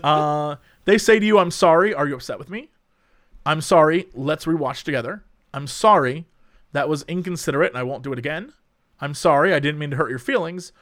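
A man's voice: a little high, brisk, fairly bright tone, dry recording, clean studio sound. A young man hosting a casual chat, reading quiz questions aloud and joking about the answers, with some swearing. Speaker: host.

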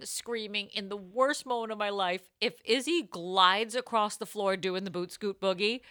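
Bright-voiced chatty woman podcaster. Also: medium pitch, no echo, clean studio sound. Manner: chatty and animated, quick to laugh. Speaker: podcast co-host. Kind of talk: casual chat.

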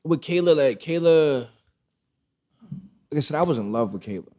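A man's voice: fairly high pitch, moderate pace. Candid man telling a wild story. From Brooklyn, New York family roots. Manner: candid, animated storytelling with quoted dialogue and profanity. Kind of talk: casual storytelling chat.

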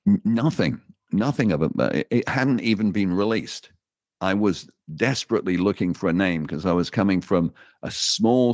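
A man with an English accent, a veteran radio DJ telling lively stories in a casual interview. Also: low voice, no room sound, studio quality. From England. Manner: animated anecdotal storyteller. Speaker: radio DJ guest.

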